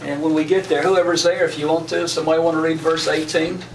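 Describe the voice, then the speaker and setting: Higher-pitched man leading a Bible study, casual and folksy, in an echoey room with the mic far off. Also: little pitch movement, fast, vocal fry, background noise. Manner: folksy, retells scripture in slang.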